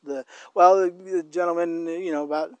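A man's voice: a little high, fairly even intonation, darkish tone, smooth, no room sound, muffled recording. A man with a slightly raised voice talks through faith and love in a loose, rambling way, often stopping and restarting his thoughts. The sound is dry and close. He is out walking while he talks. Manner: rambling, halting with many restarts. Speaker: co-host. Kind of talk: casual faith chat.

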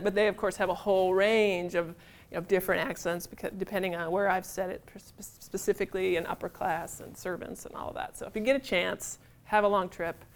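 A middle-aged woman author, giving a chatty, animated talk to a live audience in a room. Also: mid-range voice. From United States. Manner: chatty, animated, self-deprecating humor.

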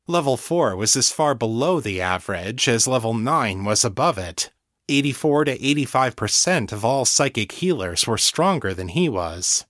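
A man narrating fiction in an unhurried, expressive storytelling manner. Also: mid-range voice, dry recording, clean studio sound. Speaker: audiobook narrator.

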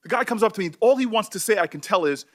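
A senator speaking emotionally at a hearing, halting and repeating his words. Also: sits high, expressive.

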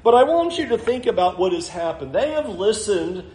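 Male pastor, high voice, explanatory with a dry wit, preaching in a roomy, echoey church. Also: very animated, normal speed, a little mellow. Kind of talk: expository sermon. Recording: roomy echo.

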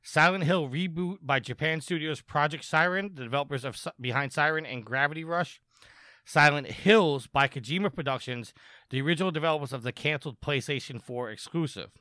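A man's voice: on the high side, bright, forceful tone, no room sound. A man co-hosting a podcast, reading gaming news and then joking with the others in a casual chat. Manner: reads news quickly, then jokes around. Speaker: podcast co-host.

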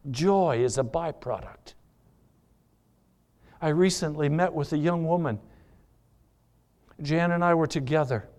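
Impassioned man preaching, fairly high voice. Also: unhurried, pauses often, a little mellow. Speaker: pastor. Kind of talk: sermon.

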